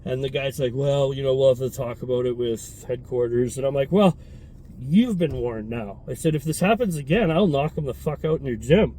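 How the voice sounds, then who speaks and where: A man who owns a fitness studio, telling a heated, profane story in a casual, animated way. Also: medium pitch, normal speed, slight background noise, poor audio.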